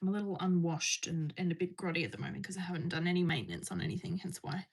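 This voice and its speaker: A woman with a fairly low, slightly bright voice talks fast and animatedly, barely pausing. She's chatting casually and bubbly on a live stream from her home, reading and answering her viewers' chat messages.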